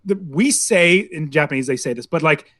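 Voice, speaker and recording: A man's voice: fairly high pitch, lively intonation, normal speed, a bit bright, dry recording, studio quality. A man co-hosting a casual movie podcast, telling stories in a rambling way, full of "like" and restarts. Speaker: podcast co-host.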